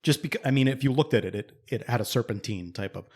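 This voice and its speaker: A man in his forties co-hosting a podcast, telling a long, profane story in a rambling way and getting animated when he quotes other people. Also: mid-range voice, quick pace. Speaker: podcast co-host. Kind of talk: casual storytelling chat.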